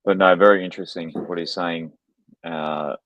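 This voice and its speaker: A man with a very deep, flat voice chats with a laid-back, hesitant manner. The sound is dull and lo-fi. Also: moderate pace, a little hiss or hum. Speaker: podcast co-host.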